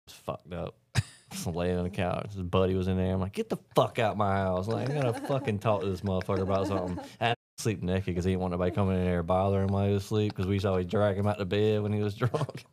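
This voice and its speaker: A man's voice: low-pitched, level tone, very fast, darkish tone. Profane laughing storyteller man. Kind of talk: casual storytelling chat.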